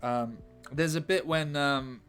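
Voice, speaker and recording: A man's voice: medium pitch, slow, a bit bright. A man casually chatting on a live stream as he writes a script, rambling and joking while reading out chat. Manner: rambling, jokey, reads chat aloud. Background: faint background music.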